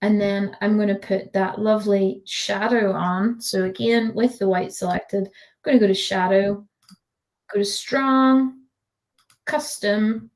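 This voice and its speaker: A woman's voice: mid-range voice, steady tone, measured pace, a little mellow. A woman tutor giving a live online design tutorial over a video call, chatty and giggly with lots of fillers.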